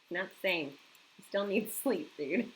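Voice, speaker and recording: A woman's voice: on the low side, lively intonation, normal speed, poor audio. A woman chatting casually on a home live stream, reacting to viewer comments and laughing often.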